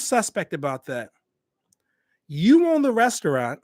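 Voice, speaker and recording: A man's voice: high voice, wildly swooping pitch, a little slow, darkish tone, no echo, studio quality. A man hosting a livestream for his hospitality channel, talking straight to his viewers in an emphatic way and repeating phrases for weight. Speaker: host of a hospitality YouTube channel. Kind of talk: casual livestream talk to viewers. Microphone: USB desk microphone.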